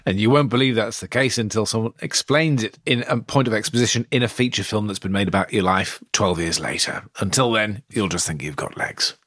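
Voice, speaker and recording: A man's voice: fairly low pitch, fairly quick, hardly any pauses, fairly bright tone, dry recording. A man co-hosting a comedy podcast who makes dry, wry remarks. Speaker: podcast co-host. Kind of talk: casual comedic chat.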